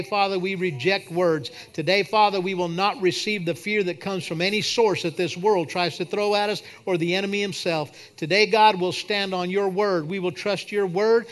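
A man preaching a sermon and leading a prayer at a church service, swinging from loud declarations to quiet prayer. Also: high-pitched. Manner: preaching, rising to shouts then dropping to a soft prayer. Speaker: pastor.

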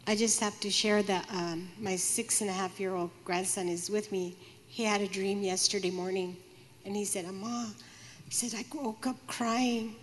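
A woman's voice: medium pitch, level tone, slight background noise. Older woman sharing testimony in echoey hall. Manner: halting, with many fillers. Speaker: congregation member sharing a testimony. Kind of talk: spoken testimony. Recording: reverberant hall.

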